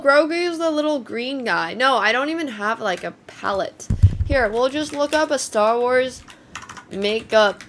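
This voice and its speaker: A woman's voice: fairly high pitch, slight background noise. A woman streamer chatting casually to her viewers, a bit congested with a slightly shaky voice, rambling and thanking people as she goes. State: congested, voice shaking. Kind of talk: casual live-stream chat.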